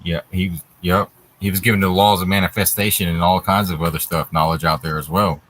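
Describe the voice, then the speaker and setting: A man's voice: low voice, little pitch movement, brisk, fairly bright tone. A man co-hosting a talk show, mostly agreeing and adding short remarks. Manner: agreeing, chiming in briefly. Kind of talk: casual talk show chat.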